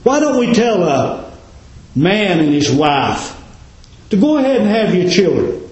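A man's voice: high voice, very animated, a little slow, a little mellow. A man preaching a sermon in a folksy, dramatic cadence, full of rhetorical questions. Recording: very echoey room.

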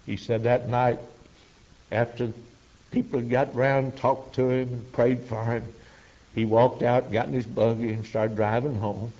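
A man preaching, telling a story in a folksy, halting way with frequent fillers. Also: medium pitch, little pitch movement, mellow. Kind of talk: sermon storytelling. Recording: dull lo-fi sermon recording.

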